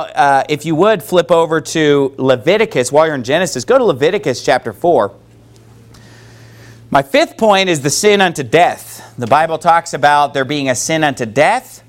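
A man with a high voice preaches a sermon as a pastor, quoting scripture and asking his congregation questions. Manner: preaching with call-and-response from the congregation.

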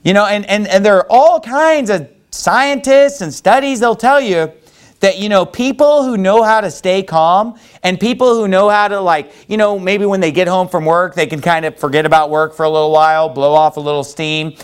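A man with a high, clear, resonant voice preaches at a moderate pace in a loose, conversational sermon. He rambles, restarts frequently and adds folksy asides, saying "you know" a lot.

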